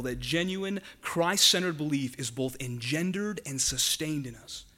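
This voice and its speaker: A man preaching a sermon to his congregation, earnest and emphatic, slowing down and dropping his voice on the words he wants to stress. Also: mid-range voice. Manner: earnest, emphatic, slows and drops to a hush for key words. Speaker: pastor.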